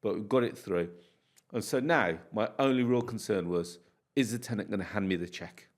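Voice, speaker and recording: Here a British property landlord, lowish-voiced and brisk, relates stories during an easygoing podcast interview. He tells them with energy, acting out the dialogue.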